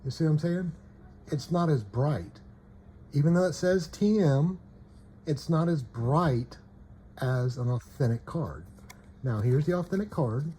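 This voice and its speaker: A man's voice: a little high, a little slow, pauses often, warm tone, slight background noise. A man casually showing trading cards, often checking "okay?" and trailing off mid-sentence. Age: adult parent. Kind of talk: casual show-and-tell.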